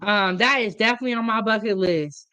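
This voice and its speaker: A woman's voice: medium pitch, brisk, a loud crowd. A woman from the United States hosting a casual chat, friendly and curious and full of questions. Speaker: host.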